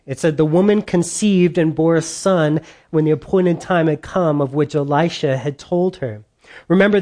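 Man preaching a Bible study in a casual, conversational way; voice a bit high; drives points home by repeating them. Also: darkish tone. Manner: conversational preaching, repeats key lines, sarcastic mock voices. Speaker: pastor. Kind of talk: sermon.

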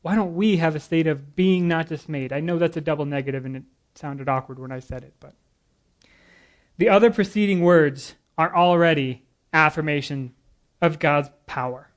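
Fairly high in pitch and at a normal speed, a man preaches to a congregation as a guest preacher. His tone is earnest, a bit nervous, and lively. He tosses in casual jokes and asides between the scripture passages.

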